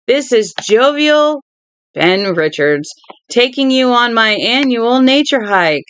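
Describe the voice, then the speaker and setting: A man's voice: extremely high pitch, lively intonation, slow pace, a bit bright, clean tone, full character voice. A woman reading aloud voices a defiant man on the run, who puts on a mock-cheerful announcer tone to sneer at a broadcast.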